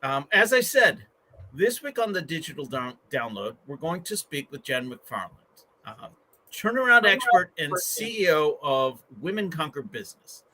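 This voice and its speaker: Male host, slightly high voice, bright tone, upbeat and welcoming. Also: big pitch swings, normal speed, slight background noise. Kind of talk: live show hosting.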